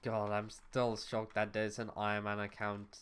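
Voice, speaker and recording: A man's voice: lowish voice, monotone, unhurried, fairly bright tone, smooth. A man streaming a video game as a VTuber, talking to chat in a rambling, blunt and exasperated way, swearing freely. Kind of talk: casual gaming livestream chat.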